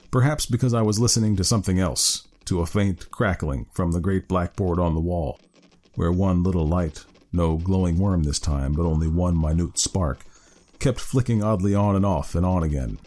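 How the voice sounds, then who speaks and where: A man narrating a dark story in a hushed, measured, ominous way. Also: low voice.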